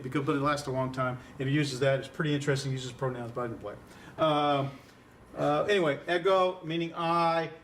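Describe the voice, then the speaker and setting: A man's voice: fairly high pitch, a bit bright, far from the mic, slight background noise. A man teaching an introductory Greek class in a conversational lecture style, quizzing students and chuckling at his own puns. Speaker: Greek instructor.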